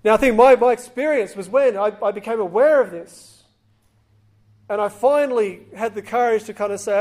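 A man's voice: high-pitched, normal speed, a little mellow. A man giving a sermon, retelling a scripture story in a conversational way and acting out the voices of the people in it. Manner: acts out quoted voices, conversational. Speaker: preacher.

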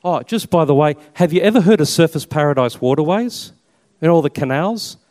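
Australian priest in his 50s, fairly high voice, chatty story talk with self-mocking jokes, big hall echo. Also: expressive, brisk, a little mellow. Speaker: Catholic priest and army chaplain. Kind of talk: personal testimony talk with slides. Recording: long reverb in a hall.

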